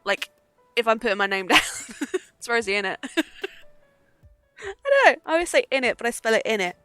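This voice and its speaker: A woman's voice: on the high side, very animated, moderate pace, fairly bright tone, clear, resonant tone, dry recording, faint music behind. A young woman chatting casually on a livestream, giggly and swearing freely. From Britain. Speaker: streamer.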